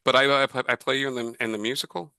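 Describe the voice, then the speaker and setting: A man's voice: medium pitch, steady tone, fast talker, vocal fry, bright, forceful tone, smooth, no room sound. A man voicing a nervous, gangly teenage boy fan who stammers and trips over his words. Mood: starstruck nervous.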